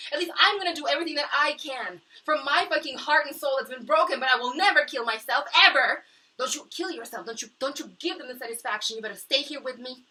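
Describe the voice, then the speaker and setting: A distressed young woman speaking to camera in her small kitchenette, impassioned and profane, dropping to low mutters and rising to shouts. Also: distant mic, rough recording. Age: young adult. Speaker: vlogger. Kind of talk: emotional monologue to camera.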